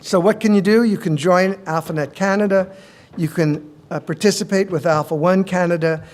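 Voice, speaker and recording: A middle-aged male physician giving a conference presentation, measured, with frequent ums and uhs. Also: high-pitched, fairly even intonation, darkish tone.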